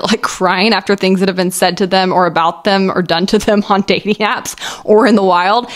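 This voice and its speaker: A young woman hosting a reaction video, giving blunt, opinionated commentary in a lively way. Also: medium pitch.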